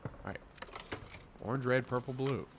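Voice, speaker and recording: A man streaming a puzzle game in casual commentary, thinking aloud, muttering and trailing off, with sudden excited gasps and exclamations. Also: mid-range voice, normal speed, vocal fry, noisy background.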